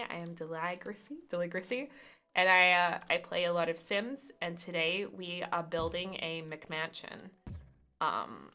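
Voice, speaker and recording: A young woman live-streaming a game, chatting casually and thanking viewers with excited outbursts. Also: medium pitch.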